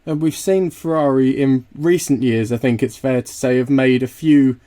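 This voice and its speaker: Male podcast host, mid pitch, warm mellow tone, measured questions. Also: steady tone. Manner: thoughtful, questioning.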